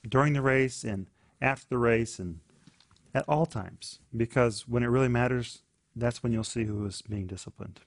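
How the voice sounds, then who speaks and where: A man's voice: mid-range voice, moderate pace. A man in a casual discussion, earnest and repeating words as he thinks. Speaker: discussion participant.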